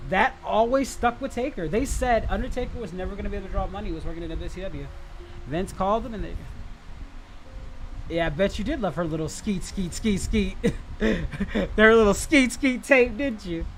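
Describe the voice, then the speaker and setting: A man hosting a casual livestream Q&A, rambling and repeating himself, with sudden bursts of shouting and laughter at his chat. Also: high voice, a little fast, a little hiss or hum, poor audio. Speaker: livestream host answering chat.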